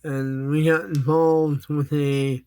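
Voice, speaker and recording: A man speaks as his character in a tabletop game, hesitant and halting with lots of fillers. He talks slowly in a fairly high voice. The sound is dry and close to the mic. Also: level tone, mellow, clear, resonant tone, no echo. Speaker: player. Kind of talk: in-character tabletop role-play.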